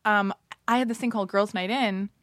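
A woman's voice: medium pitch, steady tone, a bit bright, no echo, clean studio sound. A woman hosting a podcast in casual chat, teasing her guest and laughing often. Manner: playful, teasing, quick to laugh. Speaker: podcast host. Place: studio at a comic book store.

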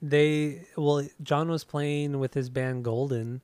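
A man's voice: fairly high pitch, fairly even intonation, slow, a little mellow, clean tone, no room sound. Tentative man explaining lyrics. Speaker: podcast co-host. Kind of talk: casual chat.

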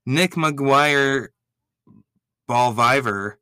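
A man giving excitable, gushing reaction commentary, swearing freely as he reacts. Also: mid-range voice, very slow, clean tone, no echo, studio quality.

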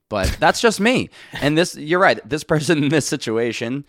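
A man's voice: a little high, animated, moderate pace, fairly bright tone, no room sound, clean studio sound. A man co-hosting a podcast, telling stories in a wry, joking way. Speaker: podcast co-host. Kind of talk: casual chat.

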